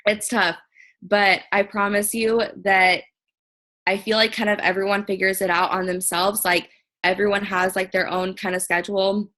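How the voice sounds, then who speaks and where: Bright-voiced chatty young mom. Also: female voice, mid-range voice, flat delivery, moderate pace, poor audio. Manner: chatty, filler-heavy, earnest. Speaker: team leader on a group video call. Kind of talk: casual motivational chat. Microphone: video call.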